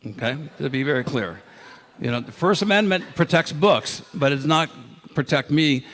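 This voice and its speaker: A man's voice: fairly high pitch, lively intonation, moderate pace, fairly bright tone. A man in his sixties from Ohio giving a conference talk in a ballroom, telling enthusiastic anecdotes with many fillers. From Ohio, United States. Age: 60s. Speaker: conference speaker.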